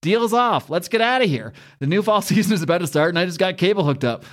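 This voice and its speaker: A man's voice: sits high, animated, fast talker, fairly bright tone, pitched above the performer's own voice. Cocky joking hero, raised voice, a man reading comic lines. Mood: mocking. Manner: flippant, joking. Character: cocky wisecracking male hero, unbothered.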